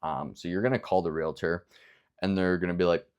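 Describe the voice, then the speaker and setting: A man's voice: low-pitched, fairly even intonation, fairly quick, smooth. A young man giving casual, rambling sales coaching, filled with likes and restarts, sometimes acting out both sides of a phone call. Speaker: business coach. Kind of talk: casual instructional talk.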